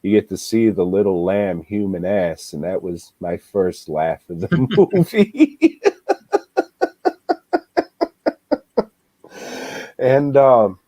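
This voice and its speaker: A man's voice: fairly low pitch, dark tone, dry recording. A man co-hosting a podcast, casually retelling a film with lots of swearing and laughter. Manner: laid-back, swears a lot, laughs while retelling. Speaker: podcast co-host, movie reviewer. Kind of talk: casual movie review chat.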